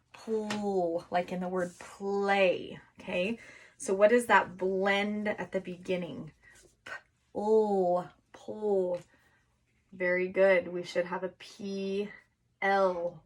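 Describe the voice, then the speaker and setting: A woman teaching young children to write, encouraging them and sounding out words slowly syllable by syllable. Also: medium pitch, fairly bright tone. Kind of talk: remote phonics and writing lesson for young children.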